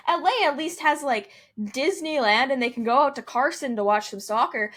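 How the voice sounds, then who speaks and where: A young woman co-hosting a chatty sports podcast, talking in a slightly higher voice. She jokes, rants in playful bursts and laughs often. She speaks close to a podcast mic. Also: moderate pace. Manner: animated, joking, ranting, laughs often. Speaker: podcast co-host. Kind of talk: casual sports chat.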